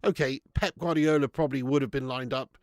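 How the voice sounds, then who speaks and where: A middle-aged man, chatting excitably through a live football watch-along, swearing and bantering with his viewers. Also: mid-range voice, fairly quick, no echo, clean studio sound.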